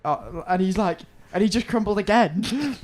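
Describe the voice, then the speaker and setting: A man's voice: sits high, expressive, moderate pace, a little hiss or hum. A young man from England, co-hosting a podcast, telling a funny anecdote and laughing through it. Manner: laughs through his storytelling. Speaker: podcast co-host. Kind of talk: casual chat, anecdote.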